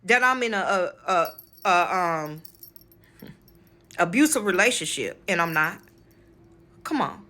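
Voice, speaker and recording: Bright, emphatic woman telling a story. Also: fairly low pitch, expressive, slow pace, long pauses. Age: adult, married with children. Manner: emphatic, frank, addresses viewers as y'all; swears freely. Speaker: spiritual channel host. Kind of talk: casual storytelling vlog.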